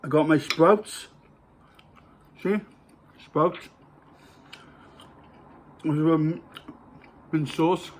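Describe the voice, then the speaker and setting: Welsh bloke chatting about his dinner, slow and umming a lot, bit high voice. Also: steady tone, a little hiss or hum. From Wales. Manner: rambling, hesitant, self-mocking. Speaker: vlogger. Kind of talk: casual to-camera food vlog.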